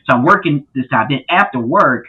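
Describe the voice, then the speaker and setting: A man who is a guest on a podcast, telling his story in a casual, animated way with many fillers and loud acted-out quotes. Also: mid-range voice, a little fast, slightly rough. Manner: animated, lots of fillers, acts out quotes loudly. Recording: tinny phone-like line.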